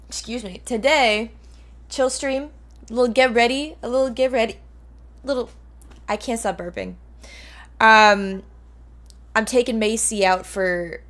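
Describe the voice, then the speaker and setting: A young woman streamer talks to her chat in a slow, easygoing way. Her pitch sits in the middle range, and her chatter is rambling and playful with casual swearing. She sounds like she is in her twenties. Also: fairly bright tone.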